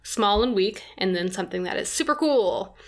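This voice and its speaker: A woman's voice: mid-range voice, lively intonation, moderate pace. A young woman co-hosting a podcast, casually explaining word origins with lots of fillers. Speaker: podcast co-host. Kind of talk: casual chat.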